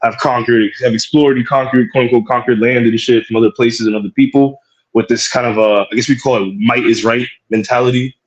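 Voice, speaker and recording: A man co-hosting a casual podcast, speaking in a rambling, relaxed, slangy way. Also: mid-range voice, a little fast, highs cut off. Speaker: podcast co-host. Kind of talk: casual chat.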